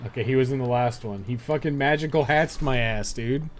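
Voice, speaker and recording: A young man streaming a dungeon game, talking in a relaxed, mid-pitched voice. He mutters, swears freely and chats to himself between turns. A soft hiss sits under his desk microphone. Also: fairly quick. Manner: laid-back, swears a lot, muttering asides. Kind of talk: casual live-stream commentary.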